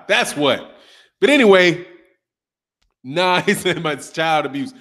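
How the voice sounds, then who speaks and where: A man in his thirties hosting a boxing channel takes things slowly in a fairly high-pitched voice. Scanning a live chat, he trash-talks profanely and casually, laughing often with plenty of energy.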